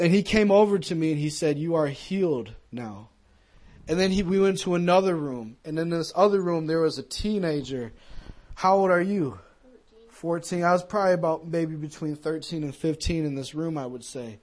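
A man's voice: high voice, darkish tone. A man giving an earnest personal testimony in a conversational storytelling way, speaking to a young audience.

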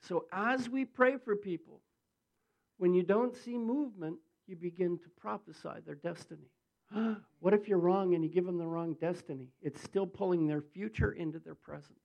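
Creaky high-voiced preacher. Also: male voice, moderate pace, dull audio. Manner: storytelling, acts out quotes, builds to fervent prayer. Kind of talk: sermon and prayer.

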